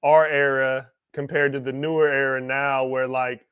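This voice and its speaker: A man hosting a podcast interview, asking questions in relaxed, slangy casual chat. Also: medium pitch, normal speed, clean tone, no room sound, dull audio. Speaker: podcast host.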